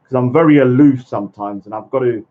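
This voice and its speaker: A man chatting casually on a live stream, rambling and halting with many fillers and greeting viewers by name. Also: medium pitch. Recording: muffled lo-fi stream audio.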